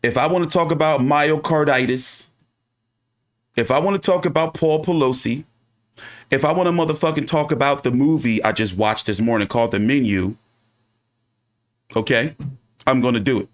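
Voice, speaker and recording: A man's voice: medium pitch, normal speed, long pauses. A man hosting his own boxing channel, talking casually and ranting with lots of swearing. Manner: profane, animated, ranting. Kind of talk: casual livestream commentary.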